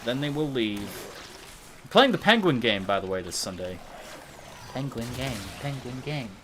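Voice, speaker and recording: A man's voice: medium pitch, big pitch swings, moderate pace, a bit bright, slight background noise. A man live streaming a game, rambling and joking to himself and his viewers in casual chatter. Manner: rambling, joking, self-mocking.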